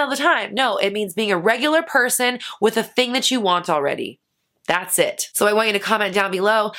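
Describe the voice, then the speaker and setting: Blunt, animated woman coach, young, bright ringing tone, acts out inner voices. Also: medium pitch, normal speed. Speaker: manifestation coach and host. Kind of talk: casual motivational talk.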